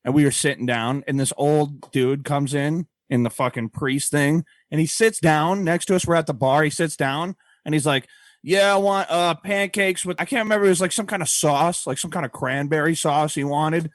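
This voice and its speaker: A man's voice: fairly high pitch, normal speed, few pauses, dry recording, studio quality. A man hosting a casual comedy podcast, telling profane stories and acting out the people in them. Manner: profane, animated storyteller who acts out quotes. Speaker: podcast host.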